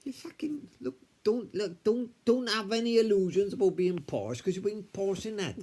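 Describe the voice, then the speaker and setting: A man blusters through an improvised comedy bicker in a put-on accent that wavers between Welsh and Scouse. His voice is mellow, and he swears constantly and tacks innit onto his lines. He is recorded on a tablet camera. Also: high voice, expressive, moderate pace, a little hiss or hum. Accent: put-on mix of Welsh and Scouse. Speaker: comedy sketch performer.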